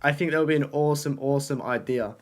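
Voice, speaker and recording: Excitable young man streaming live. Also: a little high, fast talker. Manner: excitable, swears often, talks to chat. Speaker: livestreamer. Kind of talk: casual live-stream chat. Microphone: desk microphone.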